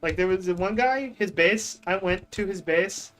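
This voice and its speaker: A man telling a long story on stream in a casual, rambling way, full of fillers and restarts, with deadpan mock boasting about himself. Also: high voice, moderate pace, low-quality recording. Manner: rambling, self-mocking, with lots of fillers and restarts.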